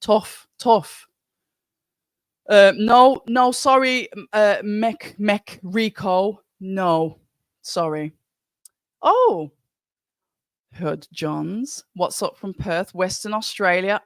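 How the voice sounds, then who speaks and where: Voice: medium pitch, slow pace, fairly bright tone, no room sound, studio quality. A host with a Birmingham accent gives casual live commentary on a stream. They ramble chattily and greet viewers by name as they read the chat. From Birmingham, England. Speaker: livestream watch-along host.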